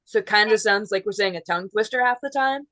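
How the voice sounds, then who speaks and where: A woman from Saskatchewan, a podcast guest chatting casually in a relaxed, talkative way. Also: medium pitch, fast, dry recording, low-quality recording. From Saskatchewan, Canada. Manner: chatty, relaxed, laughs easily. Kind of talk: casual chat.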